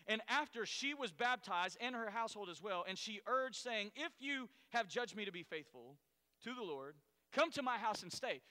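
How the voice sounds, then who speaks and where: A man preaches a sermon with a high, bright, cutting voice. He talks casually and acts out the story's people in sudden loud bursts. His voice rings with the long reverb of a big hall. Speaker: pastor.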